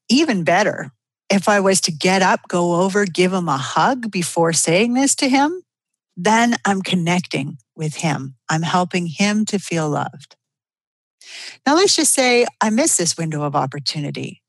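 Lower-voiced woman explaining earnestly, dry sound. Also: animated, a little slow, no room sound. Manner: earnest, conversational, gives worked examples; acts out quoted lines in changed voices. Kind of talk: explanatory solo talk.

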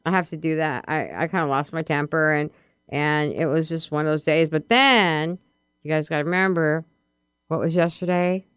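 A woman's voice: low-pitched, fairly even intonation, moderate pace, a bit bright, smooth, no room sound. A woman hosting a radio talk show in a studio, chatting casually and laughing often.

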